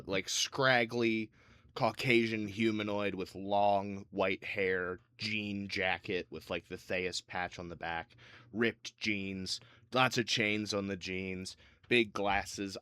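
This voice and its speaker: A man's voice: sits low, a bit bright, clean tone, dry recording, studio quality. A man running a tabletop game as game master, narrating casually with many fillers.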